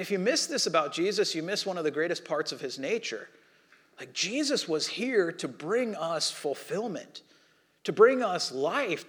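A man preaching a sermon in a conversational, animated way, acting out the people he quotes. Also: high voice. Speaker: pastor.

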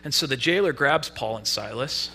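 A young adult man preaching a sermon, retelling a story in a casual, lively way. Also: mid-range voice, normal speed, husky.

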